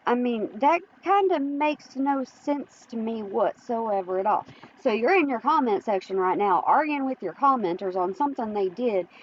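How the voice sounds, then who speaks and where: A woman's voice: fairly high pitch, lively intonation, moderate pace, highs cut off. A woman hosting an opinion commentary vlog, chatty and teasing, often laughing. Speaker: host.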